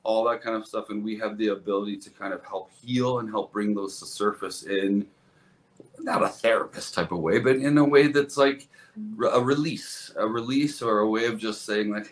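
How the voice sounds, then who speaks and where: A man's voice: lowish voice, moderate pace. A man, a hairdresser guest on a podcast, telling stories in a casual, earnest, rambling way with lots of restarts. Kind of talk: casual conversational storytelling.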